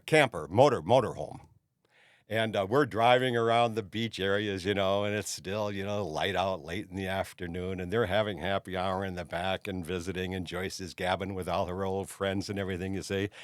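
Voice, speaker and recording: A man's voice: fairly low pitch, dry recording, studio quality. Older man rambling through a story. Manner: rambling anecdotal with frequent "you see" fillers. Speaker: host. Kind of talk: casual storytelling monologue.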